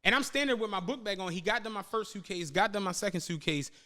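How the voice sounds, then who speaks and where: High-voiced man telling a wild travel story. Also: quick pace. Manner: animated storyteller, acts out friends' lines, swears freely. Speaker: podcast host. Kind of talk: casual chat, travel storytelling.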